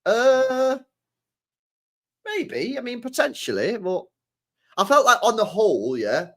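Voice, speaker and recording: This young man hosts a football channel and is casually chatting through super chats on a livestream, his high, slightly bright voice swinging widely in pitch at a slow pace. Repeated phrases are frequent, and he ends lines with "mate" and "bro."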